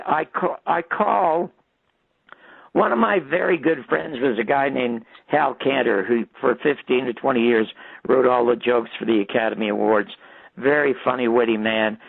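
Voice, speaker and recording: Gravelly older man on a phone line. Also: medium pitch, normal speed, no echo. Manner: animated storyteller, acts out quoted voices. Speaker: guest. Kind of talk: telling stories in a radio interview.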